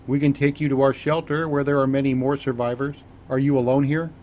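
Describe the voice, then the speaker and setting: A man's voice: mid-range voice, level tone, a little fast, darkish tone, a little hiss or hum, close to an everyday voice. A man voicing a stoic male leader who gives terse, commanding orders. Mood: steady.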